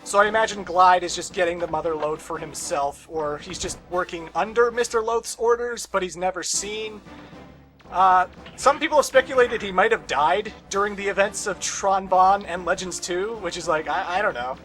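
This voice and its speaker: A man's voice: high voice, normal speed, a bit bright, soft background music. A young man commenting on a video game as he plays, casual and sarcastic, with ranting asides and swearing. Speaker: let's play host.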